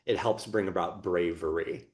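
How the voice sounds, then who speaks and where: A man's voice: sits low, moderate pace. Man co-hosting a reflective podcast. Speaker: podcast co-host. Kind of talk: conversational podcast discussion.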